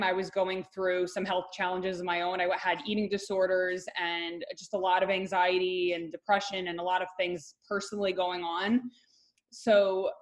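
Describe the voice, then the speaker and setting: A woman's voice: medium pitch, poor audio. Chatty Long Island woman, guest. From Long Island, New York. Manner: chatty, candid, quick to laugh. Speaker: pharmacist and coach, guest. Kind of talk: casual interview talk.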